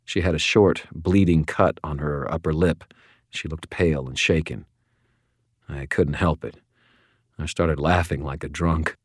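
A man reading a first-person audiobook in a steady, measured, wry way. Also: very deep voice, no echo, clean studio sound. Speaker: audiobook narrator.

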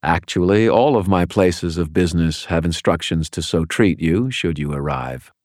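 A man's voice: low-pitched, a little mellow, no echo, clean studio sound, lightly acted. A man voicing a cool, formal crime boss. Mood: cool, courteous. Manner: formal, measured, unruffled. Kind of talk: audiobook character voice.

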